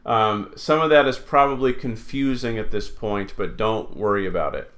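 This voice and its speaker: A man teaching an online Latin lesson, explaining slowly and patiently with many fillers. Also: on the low side, a bit bright.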